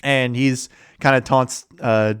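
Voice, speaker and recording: A man's voice: mid-range voice, fairly even intonation, slow pace, a bit bright, smooth, dry recording, clean studio sound. A man hosting a casual summary of a game campaign, rambling with many fillers and self-corrections and chuckling often. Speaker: host.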